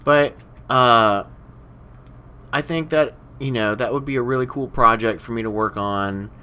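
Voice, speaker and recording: A man's voice: medium pitch, a little slow, pushed and bright, a little hiss or hum. A young man hosting a game let's play, chatting casually while he plays and rambling with lots of "you know" fillers. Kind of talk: casual commentary while playing.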